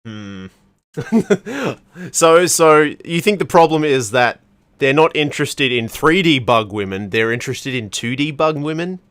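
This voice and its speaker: A man's voice: medium pitch, animated, measured pace, a bit bright, clear, resonant tone, dry recording, studio quality. Wry man commenting on a game. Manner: wry, reads on-screen text aloud. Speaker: let's play host. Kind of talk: casual gameplay commentary.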